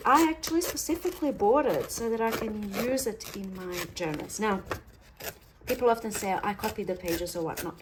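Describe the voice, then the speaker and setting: A woman's voice: mid-range voice, normal speed. Australian woman, craft vlogger, chatty and self-mocking, light hiss in the room. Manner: rambling and self-deprecating, talks while working.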